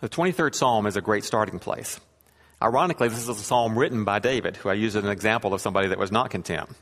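A man's voice: on the low side, quick pace, fairly bright tone. Man preaching in a reverberant hall. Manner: conversational, wry, reads scripture aloud. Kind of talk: sermon.

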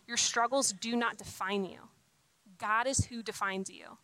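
A woman's voice: a little high, steady tone, unhurried, a bit bright, rough recording. A young adult woman giving an earnest, conversational sermon, with frequent restarts and casual fillers. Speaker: speaker giving a talk on faith and singleness.

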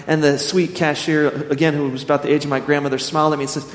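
Pastor sermon, a man with a fairly high voice, storytelling, echoing church hall. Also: quick pace. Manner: storytelling, animated quoting of himself. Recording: echoey hall.

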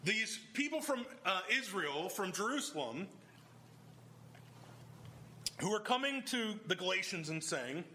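Male pastor, middle-aged, high and lively delivery, conversational sermon with emphatic peaks. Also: moderate pace, slight background noise. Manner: conversational preaching, rising to emphatic bursts. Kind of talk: expository sermon.

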